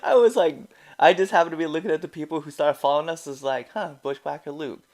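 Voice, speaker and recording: A man's voice: fairly high pitch, animated, fast, darkish tone. A man hosting a podcast in casual chat, rambling and laughing often as he reacts to wrestling. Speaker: podcast host.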